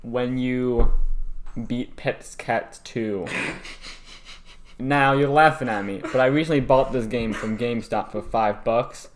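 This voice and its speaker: Deadpan young man joking. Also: mid-range voice, slow pace, a little hiss or hum. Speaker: podcast co-host. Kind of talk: casual comedic chat.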